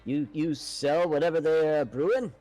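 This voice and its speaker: A man's voice: on the high side, measured pace, mellow. A man playing a tabletop game, eager and chatty. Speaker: player. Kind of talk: in-character tabletop play.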